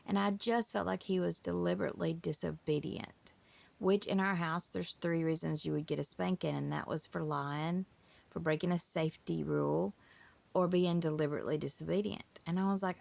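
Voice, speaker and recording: Mom in her 40s, gravelly low voice, rambling emotional story. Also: moderate pace, darkish tone. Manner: emotional, rambling with many restarts. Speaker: mother telling her family story. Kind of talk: casual personal storytelling.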